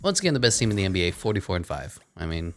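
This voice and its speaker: A man commentating over a basketball video game, sarcastic and deadpan, with quick offhand asides. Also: low voice, a little hiss or hum. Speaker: gaming commentator.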